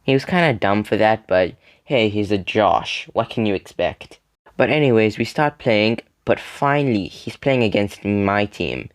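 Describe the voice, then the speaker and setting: A man's voice: fairly low pitch, expressive, unhurried. A young man telling a casual story to the camera in a rambling way, full of fillers and laughing between sentences. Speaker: storytime video creator.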